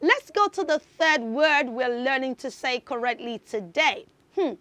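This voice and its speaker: A woman's voice: high-pitched, expressive, a little slow, pushed and bright, dry recording. A woman hosting a children's TV lesson, upbeat and coaxing like a teacher. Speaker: children's TV host. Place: TV studio.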